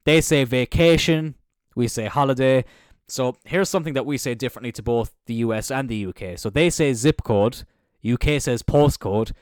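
An Irish man, a young adult, hosting a casual solo podcast in an animated, jokey way with plenty of swearing. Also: mid-range voice, moderate pace, clean tone, dry recording, studio quality. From Ireland. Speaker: podcast host.

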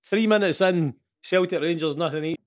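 Scottish male podcast co-host, fairly high voice, animated and laughing, casual match chat. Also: a little fast. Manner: animated, laughs often, swears. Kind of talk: casual sports watch-along chat.

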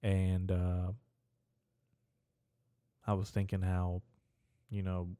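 A young man hosting a solo podcast, rambling and meandering in a casual, profane way and talking things through out loud. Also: deep voice, monotone, extremely slow, no room sound, studio quality. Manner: profane, meandering, talks to himself. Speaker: podcast host.

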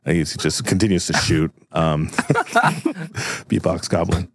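A man's voice: sits low, wildly swooping pitch, takes it slowly, creaky, pauses often, breathy edge, no room sound. A man hosting and narrating an improvised game in a casual, filler-heavy way. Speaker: host and game master.

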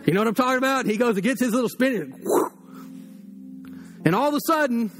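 A man's voice: very high-pitched, animated, fast talker, fairly bright tone, faint music behind. A man preaching a sermon as pastor, fiery and direct, talking to the congregation as if across a table.

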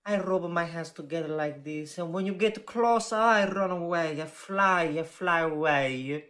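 A man's voice: a little high, unhurried, a bit bright, voice pushed up. A man voicing a gregarious, irritating fly with an Italian accent in a comedy sketch. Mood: teasing.

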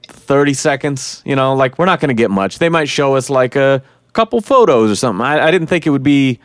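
Man, podcast host, casual rambling chat, swears a lot, mid pitch, dry close sound. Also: no echo.

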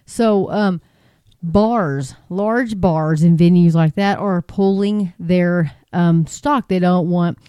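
A woman's voice: fairly low pitch, mellow, clear, resonant tone, no room sound. A woman hosting her own podcast, talking off the cuff in a rambling, chatty way with restarts and asides. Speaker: podcast host. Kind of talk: casual solo podcast commentary. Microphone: podcasting microphone.

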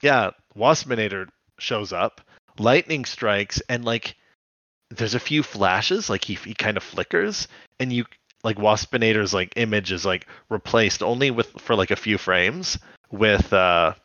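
A man's voice: lowish voice, lively intonation, measured pace, bright, forceful tone, no room sound, highs cut off. A man co-hosting a podcast in casual chat, rambling and giggly. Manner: rambling, giggly, puts on jokey quotes. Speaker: podcast co-host.

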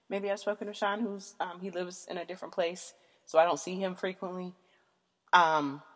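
A woman hosting a casual podcast episode, talking frankly and rambling, with lots of fillers and profanity. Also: low voice. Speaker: podcast host. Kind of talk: casual candid monologue. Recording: long hall reverb.

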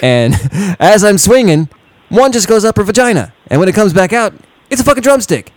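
A man's voice: high voice, sing-song, normal speed, dry recording. Laughing man telling crude stories. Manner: storytelling, laughing often. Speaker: podcast co-host. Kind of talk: crude casual banter.

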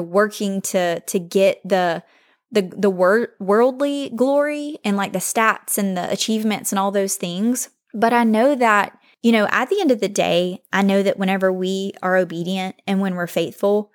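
A woman's voice: medium pitch, a little slow. A young woman hosting her own podcast, talking to listeners in an earnest, heartfelt way about faith. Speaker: podcast host. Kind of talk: solo podcast talk.

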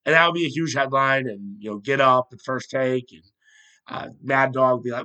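A young man hosts a solo sports podcast in a bright, forward voice, a little stuffed up from a cold. He rambles, works things out aloud, and pokes fun at himself along the way. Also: mid-range voice, a little fast. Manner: rambling, self-deprecating, thinks out loud. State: slightly congested with a cold.

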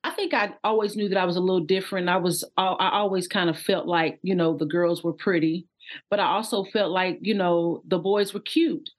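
A woman's voice: fairly low pitch, fairly even intonation, brisk. A woman in her thirties, a guest minister from Indiana, talking candidly and chattily with lots of "you know" fillers. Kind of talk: casual interview talk.

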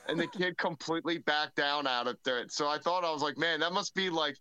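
A man telling animated anecdotes in a casual podcast chat on a close mic. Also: on the high side, fairly quick, clear, resonant tone, no room sound, rough recording.

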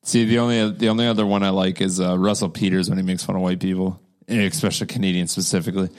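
A man's voice: sits low, flat delivery, fast talker, a little mellow. A man co-hosting a podcast, chatting casually in a blunt, profane, joking way. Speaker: podcast co-host. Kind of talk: casual chat.

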